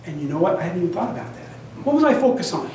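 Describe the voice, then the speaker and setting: An older man telling a lively personal story to an audience, acting out the other people's lines as he goes. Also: high voice, very fast, slight background noise. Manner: animated, self-described big talker, acts out both sides of dialogue. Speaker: genealogy society presenter. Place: meeting room with an audience. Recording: very echoey room, mic at a distance.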